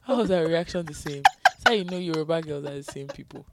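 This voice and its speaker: Low, gravelly-voiced woman podcaster. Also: animated, fast talker, heavy background noise. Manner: laid-back, trailing off into quiet mumbles. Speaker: podcast co-host. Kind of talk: casual chat.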